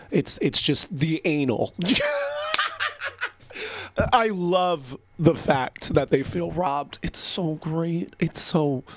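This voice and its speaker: A man's voice: medium pitch, no room sound. A man hosting a casual radio show, rambling between songs, gleeful and profane, laughing often.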